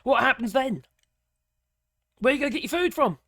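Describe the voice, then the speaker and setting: A woman's voice: high voice, fairly quick, no echo, clean studio sound. Indignant woman ranting. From Britain. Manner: indignant, sarcastic, swears mildly; animated rant, voice jumps up when outraged. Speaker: vlogger commenting on news. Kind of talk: ranting commentary on a news article.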